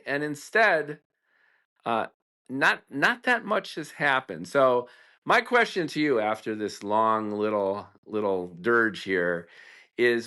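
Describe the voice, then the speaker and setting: A man's voice: medium pitch, bright, forceful tone. A man in his sixties hosting a podcast interview, asking long, rambling, emphatic questions. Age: 60s. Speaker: podcast host. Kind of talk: conversational interview.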